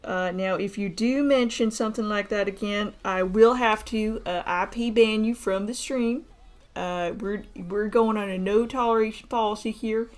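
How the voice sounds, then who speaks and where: A woman's voice: medium pitch, moderate pace, lightly acted. Woman doing a crude old redneck uncle. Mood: stern. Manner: rambling, crude, deadpan bragging. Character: old retired male war-veteran uncle, gruff and folksy. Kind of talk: live-streamed model kit build, in character.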